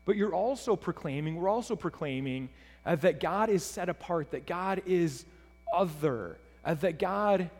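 High-voiced pastor preaching in a reverberant hall. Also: male voice, lively intonation, a little slow, soft background music. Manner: earnest, repeats words and restarts phrases. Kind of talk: sermon.

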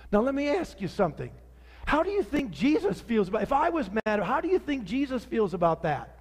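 Male pastor, sermon delivery, animated with sudden quiet drops, high voice, reverberant hall. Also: fairly quick. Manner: animated preaching, rising to outrage then dropping soft.

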